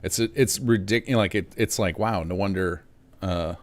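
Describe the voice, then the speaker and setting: A man's voice: sits low, normal speed. An American man chatting casually to viewers on a live game stream, rambling in a chatty way. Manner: rambling, chatty, talks to chat.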